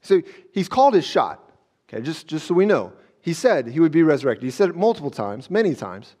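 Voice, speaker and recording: A man's voice: fairly high pitch, very animated, fairly quick, mellow. A male pastor giving a conversational sermon, often checking in with "okay?" and acting out scenes as he goes. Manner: conversational, frequent "okay?" check-ins and restarts.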